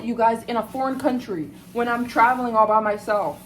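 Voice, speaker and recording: A woman's voice: fairly high pitch, moderate pace, noisy background. Indignant American woman vlogger. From United States. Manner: animated, indignant, addresses viewers as "you guys". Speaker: travel vlogger. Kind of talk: casual storytelling to camera.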